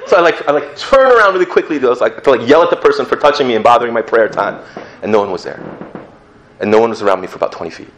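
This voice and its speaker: Animated man telling his faith story. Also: mid-range voice, rapid-fire, echoey room. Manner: animated storyteller, laughs, drops to a hushed voice for prayers. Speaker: speaker giving a testimony. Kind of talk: personal testimony talk.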